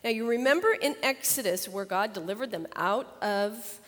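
An older woman, a grandmother, chatting about her grandchildren and then teaching a Bible lesson, animated and laughing as she tells stories. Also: medium pitch, moderate pace, long reverb tail. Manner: chatty, animated, acts out children's voices with laughter. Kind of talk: casual storytelling and Bible lesson.

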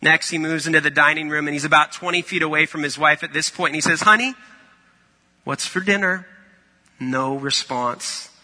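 A man's voice: a little high, little pitch movement, a little fast, hardly any pauses, bright, forceful tone, in a large hall. A man preaching a sermon in a conversational, storytelling way. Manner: conversational, storytelling with acted-out quotes.

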